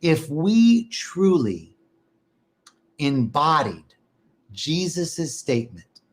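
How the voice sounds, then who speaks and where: A man preaching a sermon, telling animated stories, laughing often and swearing casually. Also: on the high side, normal speed. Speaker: minister. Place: lives in Costa Rica.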